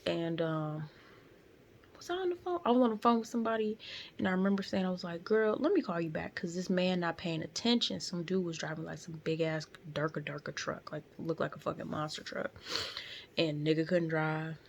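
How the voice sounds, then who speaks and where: A young woman vlogging from her car, telling a story in a blunt, profane, animated way. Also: lowish voice, a little fast, vocal fry, a little hiss or hum. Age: young adult. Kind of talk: casual storytelling.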